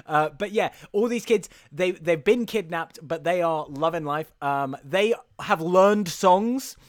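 A young man recaps a film in a loose, rambling way, full of ums and laughter. His voice sits a bit high. The recording is dry and close. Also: unhurried, no echo. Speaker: podcast co-host. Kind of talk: casual comedic film recap.

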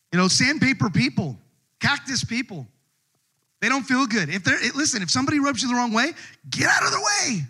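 Lively high-voiced male pastor preaching. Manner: animated storytelling, laughs often, rising to shouts in stories. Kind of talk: sermon.

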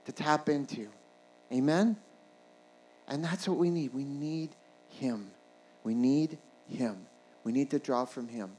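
Man preaching, rising to shouts. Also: mid-range voice, slow pace, pauses often, faint music behind, low-quality recording. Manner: preaching with rising shouts and call-and-response "Amen?". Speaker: pastor. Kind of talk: sermon.

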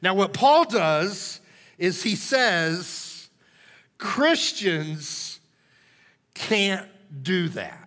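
Male pastor, sermon, fairly high voice, bright and forceful, emphatic, long hall reverb. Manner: emphatic, animated, checks in with "okay?".

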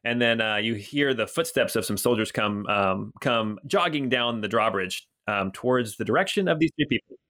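A man's voice: medium pitch, lively intonation, normal speed, few pauses, a bit bright. A man running a tabletop game as game master, narrating loosely with many fillers.

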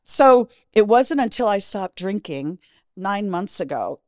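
A woman's voice: mid-range voice, sing-song, a little slow, no room sound, studio quality. A middle-aged woman, a podcast guest, candidly telling a personal story in a frank, profane way and acting out the lines of the people in it.

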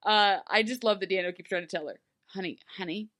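A woman in her thirties co-hosting a relaxed chat, with a middle-pitched voice. She laughs often and slips into shifting voices when she quotes people. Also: quick pace. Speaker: podcast co-host. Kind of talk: casual chat.

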